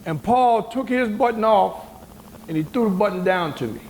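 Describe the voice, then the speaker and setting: Gravelly, high-voiced older man telling a story. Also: normal speed, slight background noise. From United States. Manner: lively storyteller who acts out other people's words; colloquial and emphatic. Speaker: panel guest. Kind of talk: storytelling at a moderated discussion. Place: university hall. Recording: roomy hall sound.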